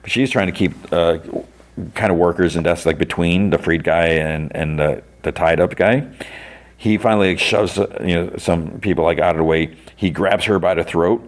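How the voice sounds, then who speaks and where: Brief: a low-voiced male podcast host recapping loosely, with lots of fillers. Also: steady tone, moderate pace. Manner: rambling, with many "like"s and restarts. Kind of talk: casual plot recap.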